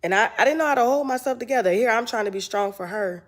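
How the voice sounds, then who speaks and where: A woman's voice: on the high side, fast talker. A woman hosting her own online show, giving an emotional, choked-up confessional monologue and swearing when it gets intense. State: tearful, choked up.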